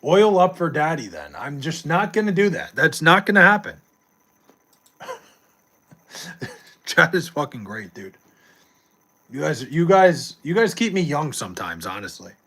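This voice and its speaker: A man's voice: fairly high pitch, sing-song, a little slow, pauses often, sharp tone. A young adult man streaming live, chatting casually with viewers and reading chat, loose and profane with frequent laughs.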